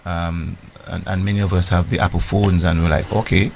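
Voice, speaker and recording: A man on a radio interview who tells a family success story in a halting way, often repeating words. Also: low voice, level tone, gravelly, darkish tone, a little hiss or hum. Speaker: radio guest introducing the story.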